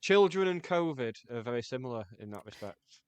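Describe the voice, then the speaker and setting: Lively man with dry quips. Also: medium pitch, fairly quick, slight background noise. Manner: dry quips and wry comebacks. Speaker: podcast co-host. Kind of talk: casual comedic chat.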